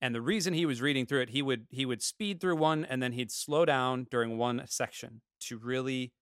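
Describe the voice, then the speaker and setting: Male podcast co-host, smooth and dry, animated storyteller. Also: medium pitch, moderate pace, dry recording. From Florida. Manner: animated storyteller, acts out quotes. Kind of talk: casual chat.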